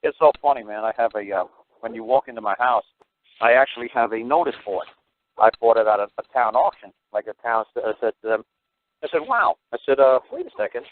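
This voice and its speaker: A man rattles off his advice at a fast clip, blunt and profane, acting out both sides of his stories. His voice comes through a thin, tinny phone-line sound. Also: medium pitch, no echo. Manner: blunt, profane, animated storyteller. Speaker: radio show host. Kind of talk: call-in radio talk, storytelling.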